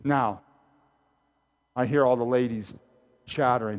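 A middle-aged man preaching a sermon as pastor, animated and jokey, talking straight to his congregation in a church. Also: mid-range voice, normal speed. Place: church sanctuary.

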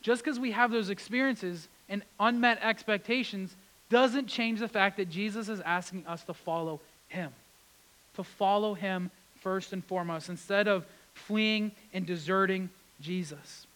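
A man preaching a sermon, retelling scripture with lively acted-out quotes. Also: high-pitched, unhurried, rough recording. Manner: animated, acts out quotes with rising intensity. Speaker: pastor.

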